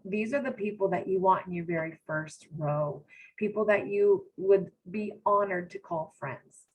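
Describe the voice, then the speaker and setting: A woman's voice: medium pitch, fairly bright tone, a little hiss or hum, rough recording. A woman giving a motivational talk, coaching her audience directly with energy. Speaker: co-host presenter.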